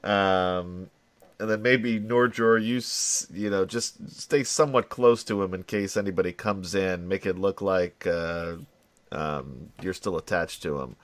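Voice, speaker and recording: Give me a man with a fairly low voice playing a tabletop game, with dry, close sound. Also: unhurried, no echo. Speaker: player. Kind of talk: casual tabletop play.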